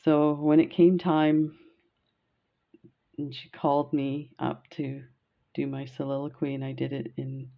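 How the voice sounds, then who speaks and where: A woman from Canada rambles through her stories as she beads and laughs easily. She speaks slowly, and her voice has a gravelly fry. The recording sounds dull and lo-fi. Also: deep voice, little pitch movement. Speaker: beading vlogger. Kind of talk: casual storytelling while beading.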